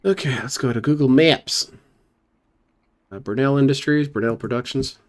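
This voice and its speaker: A man's voice: medium pitch, moderate pace. A male host reacting to a stream clip, teasing and sarcastic as he talks over it. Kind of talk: mocking commentary over a clip.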